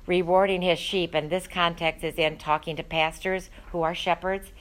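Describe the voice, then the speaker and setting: A woman's voice: fairly low pitch, little pitch movement, moderate pace, poor audio. A woman teaching a Bible study, talking in an earnest, conversational way with frequent ums and uhs.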